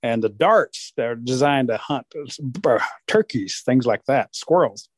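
A man's voice: mid-range voice, animated, measured pace, no room sound. A man, telling folksy stories in casual conversation. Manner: folksy, with playful animal voices. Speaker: storyteller. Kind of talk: casual storytelling.

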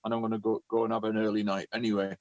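A man voicing a tired uncle who brushes off company, in a flat, dismissive way. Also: on the low side, very fast, no room sound, highs cut off, pitched below the performer's own voice, close to an everyday voice. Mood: weary.

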